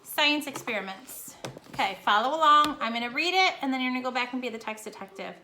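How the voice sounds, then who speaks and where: A young woman teacher records a casual lesson at home and walks her students through each step in a chatty, friendly way. Her voice sits high and sounds bright and clear. A faint hiss of background noise runs under the recording. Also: animated, quick pace.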